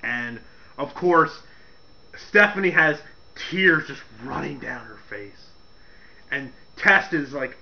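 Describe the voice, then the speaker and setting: A man hosting a casual comedic rant, laughing as he retells events in an animated way. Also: fairly high pitch, slow, long pauses, lo-fi sound. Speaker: wrestling commentary host.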